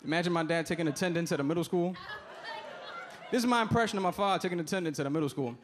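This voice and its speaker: Racing along in a fairly high voice, a comedian from the Dominican Republic works a club stage with a loose, chatty set full of audience asides. Laughter and ambient room noise fill the live recording.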